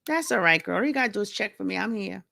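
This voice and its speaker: A woman's voice: medium pitch, animated, fast, creaky, sharp tone. A woman hosting a casual livestream from home, chatting with viewers, greeting them by name and joking around. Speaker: livestream host and author. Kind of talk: casual live-stream chat.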